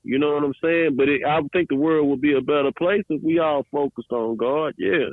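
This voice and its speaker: A man's voice: on the high side, a little fast, dry recording. A man speaking earnestly and plainly in a casual podcast chat about faith. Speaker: podcast co-host. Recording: dry, tinny phone-like sound.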